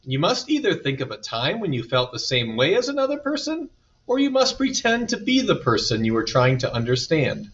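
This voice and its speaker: Man reading a calm wise teacher. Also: fairly high pitch, moderate pace, full character voice. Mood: patient. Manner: calm, patient advising. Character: kind wise woman teacher. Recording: dull distant recording.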